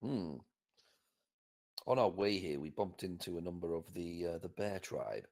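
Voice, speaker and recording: Casting: male player, very deep voice, gravelly and husky, deadpan. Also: a little fast. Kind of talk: in-character tabletop play. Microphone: online voice call.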